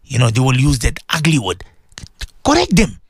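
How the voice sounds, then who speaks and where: A man's voice: medium pitch, animated, fast, no echo. A man preaching on morning radio, speaking with passion, repeating rhetorical questions and letting his voice surge up and down. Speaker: radio presenter giving Islamic teaching.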